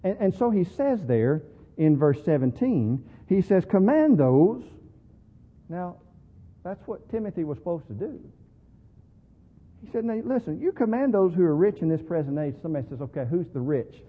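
Preacher in an echoing, phone-like hall. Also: male voice, a little high, expressive, husky. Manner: preaching with swings from quiet to loud, slowing on key words. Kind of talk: sermon. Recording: tinny phone-like sound in a reverberant hall.

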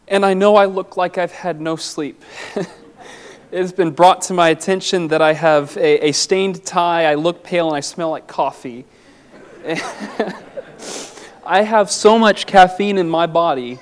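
A tired young man gives a sermon to his church. His voice is a little high, gentle and emotional, breaking as he holds back tears. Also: moderate pace, clear, resonant tone. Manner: emotional, voice breaking, soft and tearful. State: tired from no sleep. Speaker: preacher.

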